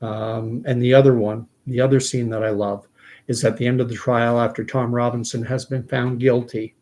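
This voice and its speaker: A man's voice: medium pitch, flat delivery, normal speed, a little mellow, slight background noise. A man from Canada, host of his own commentary show, retelling a film scene in a reflective way.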